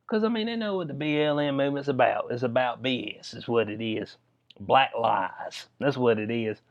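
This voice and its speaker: A man's voice: medium pitch, expressive, a little fast, lo-fi sound. A man giving casual, rambling commentary on news stories, full of slang and frequent laughter. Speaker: political commentary vlogger.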